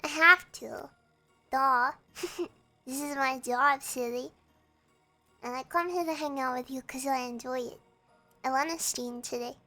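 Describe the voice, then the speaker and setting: A young woman streaming, with a hoarse, croaky voice, chatting hesitantly and reading viewer messages aloud. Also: high-pitched, fairly bright tone. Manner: slow, hesitant, reads chat aloud and answers. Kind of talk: casual chat with viewers.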